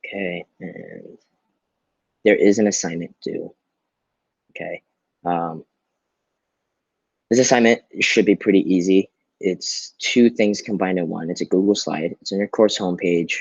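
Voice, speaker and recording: A man's voice: low-pitched, unhurried, vocal fry, pauses often, darkish tone, slightly rough, no echo, dull audio. A male teacher giving a recorded online lesson, explaining patiently and often checking in with "right?".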